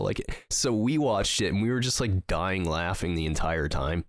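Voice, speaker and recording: Deep-voiced man rambling through a story. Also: normal speed, no room sound. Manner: rambling, laughing storyteller with lots of fillers. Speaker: podcast co-host. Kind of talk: casual chat.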